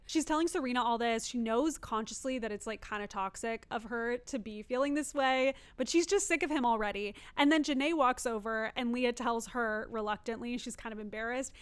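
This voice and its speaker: A woman's voice: fairly high pitch, moderate pace, hardly any pauses, clear, resonant tone. A young woman giving a casual, opinionated TV recap, chatty and laughing often. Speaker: TV recap reviewer.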